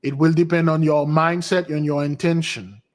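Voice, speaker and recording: A man with a fairly high voice hosts a casual spiritual stream. He tells rambling stories and answers viewer questions, restarting sentences often. He jumps his voice even higher to act out the women he quotes. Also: normal speed.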